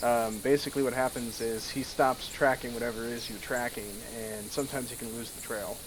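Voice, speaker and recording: A man joining a hunting game as a guest, talking in a relaxed, rambling way with lots of fillers. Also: mid-range voice, fairly quick. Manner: relaxed, laughs easily, many fillers. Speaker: guest player. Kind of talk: casual gameplay chat. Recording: hissy mic with background noise.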